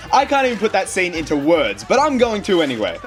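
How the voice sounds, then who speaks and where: Australian man, young adult, comedic movie review, sarcastic and exasperated, fairly high pitch, lively swinging intonation. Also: quick pace. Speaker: film reviewer.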